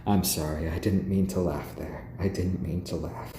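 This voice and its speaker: A man hosting a casual home live stream, gently cooing to his pet chickens and chatting with viewers. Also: deep voice, steady tone, moderate pace, reverberant, background noise. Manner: chatty, answers viewers' comments.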